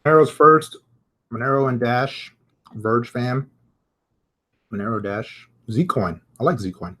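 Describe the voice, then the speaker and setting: A man hosting a live crypto market stream, giving casual chart commentary, chatty and thinking out loud as he reads viewer comments. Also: medium pitch, slow pace.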